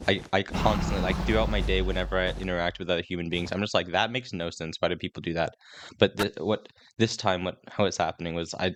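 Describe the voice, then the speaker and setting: Teen boy rambling over gameplay, lowish voice, dry complaining, noisy home mic. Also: fairly bright tone. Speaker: gaming commentator. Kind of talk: casual voice-over commentary.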